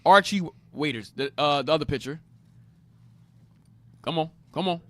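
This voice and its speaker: A man's voice: fairly high pitch, normal speed. A man leading an interactive Bible lesson. He explains each passage, repeats the key points with emphasis, and keeps prompting his reader to go on. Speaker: Bible class teacher.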